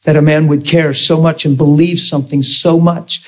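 Here a man's slightly high voice comes across flat and moderately paced, with the upper frequencies rolled off. Delivering a storytelling sermon to his congregation, he grows emotional and performs the voices of the story's characters.

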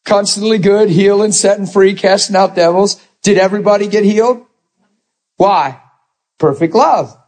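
A man preaching a sermon in a conversational, animated way, acting out the people he quotes. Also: sits high, normal speed, rough recording.

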